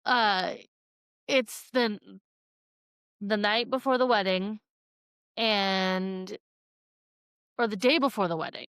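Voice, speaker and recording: A woman's voice: mid-range voice, slow, long pauses, fairly bright tone, smooth, no echo, clean studio sound. A woman co-hosting a podcast, chatting casually about a book and retelling the plot with acted-out quotes. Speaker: podcast co-host. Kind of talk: casual book discussion chat.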